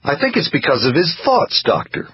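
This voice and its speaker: A man's voice: a little high, wildly swooping pitch, normal speed, breathy edge, dry recording, dull audio, pitched above the performer's own voice, exaggerated voice. A man voicing a thin, cheerful wife whose sweet manner hides bitterness, in a read-aloud story. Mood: sweetly cheerful. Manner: sweetly cheerful, gently pushy.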